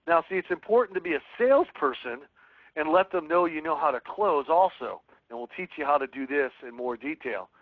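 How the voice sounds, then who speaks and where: Male webinar trainer, higher-pitched, earnest, heard through a tinny phone line. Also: lively intonation, a little fast, dry recording. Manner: earnest, reads sample calls aloud and coaches. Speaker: real estate sales trainer. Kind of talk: webinar teaching with script role-play.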